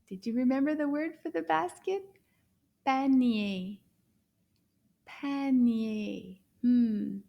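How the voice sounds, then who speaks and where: A woman teaching a French lesson for children, speaking slowly and encouragingly, repeating words for the listener to echo and sometimes dropping to a soft whisper. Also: fairly high pitch, vocal fry. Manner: drops to soft whispers at times. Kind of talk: kids' language lesson.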